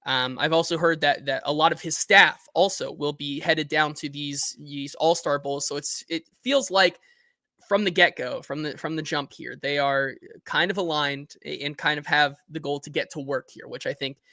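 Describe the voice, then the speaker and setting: A man hosting a sports talk show, chatting casually and reading out listener comments with animated energy. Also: a little high, moderate pace, dry recording, clean studio sound. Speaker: host.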